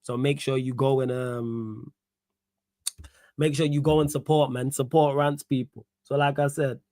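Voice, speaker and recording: Slangy football streamer, dry mic. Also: male voice, medium pitch, level tone, a little slow, a little mellow, no room sound. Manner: casual, slangy, laughs and riffs while reading comments. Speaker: host. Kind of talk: solo football Q&A livestream.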